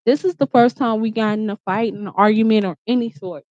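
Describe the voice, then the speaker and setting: A woman with a slightly high voice vents through a heated, profane story, circling back and repeating herself as her irritation builds. The sound is muffled and dull, with a close, dead-dry room around her. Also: fairly quick, darkish tone, dry recording. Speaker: vlogger. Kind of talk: casual storytime rant.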